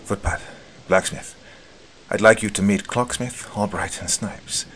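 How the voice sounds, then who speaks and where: A man doing a calm, commanding squad leader. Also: on the low side, a little slow, slight background noise, pitched above the performer's own voice. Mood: steady.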